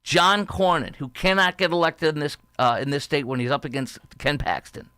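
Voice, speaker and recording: A man's voice: a little high, normal speed, pushed and bright, clean tone, no echo, studio quality. A man hosting a political talk show, combative and sarcastic, reading quotes aloud and rebutting them. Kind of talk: political commentary monologue.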